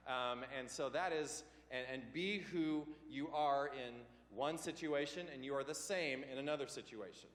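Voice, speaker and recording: A man of ordinary pitch teaches a church leadership class, talking loosely with plenty of ums and restarts. His voice rings out in a roomy hall with a long reverb tail. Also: normal speed, hardly any pauses, a bit bright. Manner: rambling, many ums and self-corrections. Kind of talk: casual teaching talk. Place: church meeting room.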